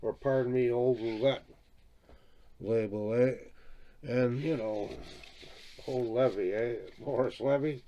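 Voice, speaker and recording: A man, older, talks through his record albums one after another in a loose, rambling way. He drifts into side stories and checks in with his listeners as he goes. His voice sits at an ordinary middle pitch for a man. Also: fairly even intonation, takes it slowly, pauses often, dark tone, highs cut off, a little hiss or hum. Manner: rambling, chatty, peppered with "eh?" and "right?", chuckles often. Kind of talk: casual video chat about vinyl records.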